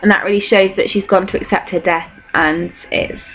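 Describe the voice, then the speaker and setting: A woman's voice: on the low side, steady tone, moderate pace, soft background music. Chatty teen girl revising, lo-fi. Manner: chatty, filler-heavy, acts out quotes in playful voices. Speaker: student revising for exams. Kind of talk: casual revision talk to camera.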